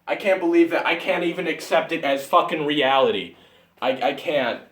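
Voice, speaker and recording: A man's voice: a little high, normal speed, recorded from a distance. Exasperated young man ranting on phone. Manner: exasperated, swings from muttering to shouting. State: out of breath. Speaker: vlogger. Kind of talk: ranting movie reaction. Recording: roomy phone recording from off-mic.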